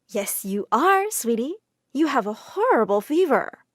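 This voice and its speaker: A woman voicing a gentle female schoolteacher who talks sweetly and slowly to a pupil. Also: sits high, big pitch swings, dry recording, studio quality, heavily acted. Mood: coaxing.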